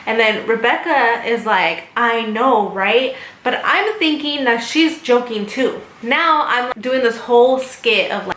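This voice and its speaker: A woman's voice: on the high side, unhurried, a bit bright, echoey room, low-quality recording. A young woman telling a story while doing her makeup, animatedly quoting the people in it. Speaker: YouTuber.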